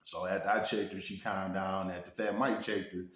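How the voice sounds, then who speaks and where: A man with a Detroit accent tells a street story in a loose, easygoing storytime manner, with a lowish voice. His talk keeps circling back to little check-ins with the listener. The room around him rings with a noticeable echo. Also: flat delivery, normal speed, fairly bright tone. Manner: laid-back, peppers talk with "you know what I'm saying". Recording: roomy echo.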